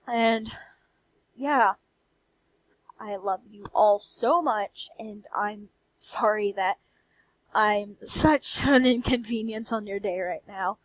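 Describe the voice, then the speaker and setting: A young woman with a country accent, ranting in a soft-spoken late-night vlog, candid and blunt with frequent swearing. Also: on the high side, no room sound, low-quality recording. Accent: American country. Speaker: vlogger. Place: quiet room late at night.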